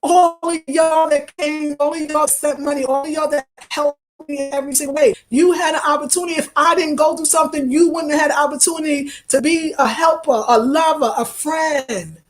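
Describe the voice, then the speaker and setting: A travel vlogger in her fifties streams a casual, fervent talk, repeating herself and talking back at her viewers in loose Black American vernacular. Her voice sits high with fairly even intonation, and she speaks a little fast.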